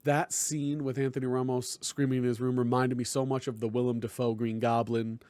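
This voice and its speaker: A man's voice: medium pitch, level tone, a little fast, a little mellow, dry recording. A man co-hosting a casual podcast review, thinking aloud and searching for the right words. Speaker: podcast co-host.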